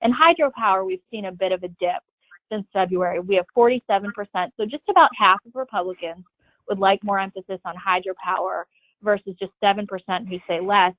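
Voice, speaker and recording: A woman's voice: mid-range voice, a little fast, no echo. A woman presenting survey results in a webinar, walking steadily through each slide. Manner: steady, methodical walkthrough of slides. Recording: tinny phone-line audio, dry.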